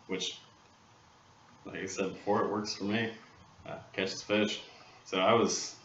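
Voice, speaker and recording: A lowish male voice tells a fishing tale with lively, acted-out bits of dialogue. He sits back from the mic in an echoey workshop. The sound is a bit dull, with faint hiss underneath. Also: far from the mic. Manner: animated storyteller, acts out others' lines. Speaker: guest angler. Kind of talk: casual storytelling.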